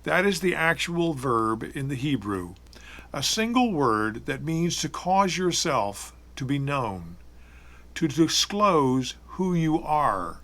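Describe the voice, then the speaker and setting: A middle-aged man preaching a sermon, telling the story in a measured, reflective way with emphatic repetition. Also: on the high side, very animated, fairly bright tone.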